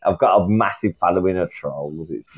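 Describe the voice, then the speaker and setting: A man's voice: deep voice, normal speed. Profane joking English man, muffled line. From England. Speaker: caller. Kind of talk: casual chat.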